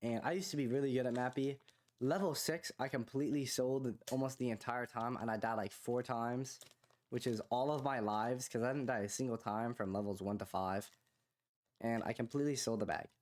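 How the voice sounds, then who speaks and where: A young man co-hosting a podcast, telling a long casual story full of fillers like "like" and "you know", rising in pitch when he quotes other people. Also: normal speed. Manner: rambling, filler-heavy, animated when quoting others. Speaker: podcast co-host.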